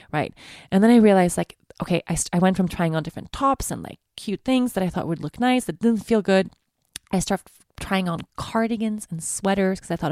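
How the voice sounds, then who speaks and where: A woman's voice: mid-range voice, warm tone, dry recording, studio quality. A woman in her twenties hosting a podcast, telling a personal story in a candid, confessional way. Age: 20s. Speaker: podcast host. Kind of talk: personal monologue.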